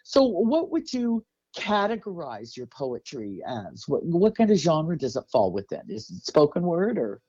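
A man's voice: on the high side, wildly swooping pitch, measured pace, warm tone, husky, no echo. A man hosting an interview in a casual, rambling way, full of fillers and restarts. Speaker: interview host. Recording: dull, dry lo-fi audio.

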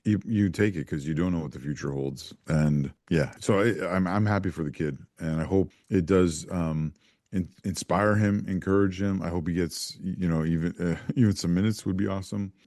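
Very deep-voiced man in dry, casual chat. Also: darkish tone, no room sound. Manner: halting, restarts often, easygoing. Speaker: podcast co-host.

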